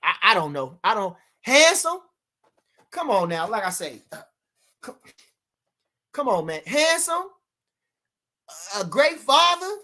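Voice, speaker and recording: A man's voice: sits high, very animated, normal speed, long pauses, bright, forceful tone. A man hosting a livestream and talking to his chat, boastful and profane, repeating lines for stress, loose and rambling with restarts and fillers. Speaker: livestream host. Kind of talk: live-stream rant answering chat.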